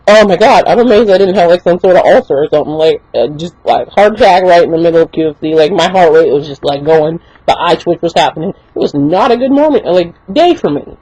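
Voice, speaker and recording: A young woman vlogger telling an exasperated, animated story in casual chat, full of "like" fillers. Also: lowish voice, moderate pace, no echo, low-quality recording. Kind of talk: casual ranting story to camera.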